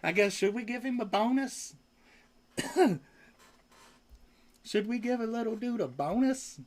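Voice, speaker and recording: A laid-back man chatting on a casual home livestream and cooing at his pet. He talks slowly. His fairly high voice swoops up and down a lot. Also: expressive, a little mellow. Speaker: livestream host. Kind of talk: casual chat.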